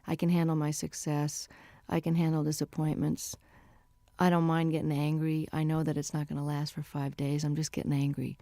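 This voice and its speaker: A woman's voice: low-pitched, level tone, moderate pace, mellow, no echo, studio quality. A woman in her forties, a musician guest talking candidly and chattily in a radio interview. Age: 40s. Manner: chatty, candid and self-deprecating.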